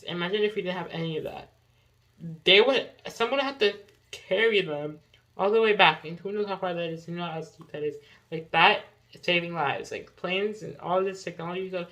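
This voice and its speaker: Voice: mid-range voice, a bit bright, rough recording. A young podcast host talking casually through notes, rambling with many fillers and self-corrections.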